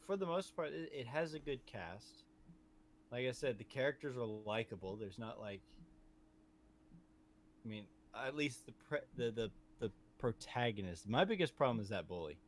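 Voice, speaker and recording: A man's voice: medium pitch, slight background noise. Rambling man chatting casually about a movie. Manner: rambling, animated, trails off and restarts. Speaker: podcast co-host.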